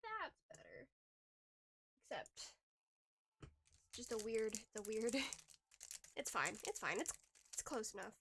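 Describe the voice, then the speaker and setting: Her voice is a little high, husky, and fairly bright, with big pitch swings, a slow pace, and frequent pauses. Playing a game on a live stream with faint background music, she chats casually, rambles, and restarts sentences amid small giggles.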